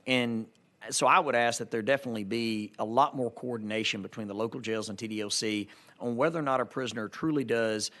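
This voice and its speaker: A man's voice: medium pitch, a bit bright. A man, a legislator in a committee hearing, questioning a witness and making an emphatic, plain-spoken plea.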